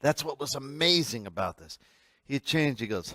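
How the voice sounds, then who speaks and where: A man teaching a church history class, telling a story in an animated, emphatic way with frequent restarts. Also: mid-range voice, moderate pace, dry recording, clean studio sound. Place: church meeting room.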